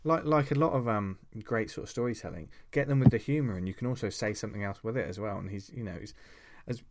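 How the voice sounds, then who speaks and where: A man's voice: on the low side, fast talker. Agreeable man in podcast chat. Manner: agreeable, frequent "yeah", trails off mid-thought. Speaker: podcast co-host. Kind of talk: casual comics chat.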